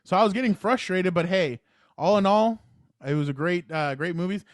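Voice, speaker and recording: A man co-hosting a casual sports podcast, telling stories in an animated way and laughing easily, recorded on a close podcast mic. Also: high voice, no echo. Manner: animated storyteller, quick to laugh. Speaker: podcast co-host.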